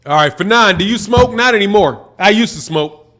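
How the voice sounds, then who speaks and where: A man's voice: high voice, animated, normal speed, fairly bright tone. A man from Chicago with a Chicago accent, hosting a casual livestream, chatting with viewers and commenting on a boxing fight in a loose, slangy way. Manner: laid-back slangy talk, reading out chat messages. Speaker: livestream host.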